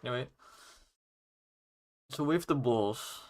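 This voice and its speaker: A man's voice: mid-range voice, takes it slowly. Joking Dutch-accented man streaming. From Netherlands. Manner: rambling, self-mocking, jokey. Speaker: game developer streaming his work. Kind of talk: casual livestream chat.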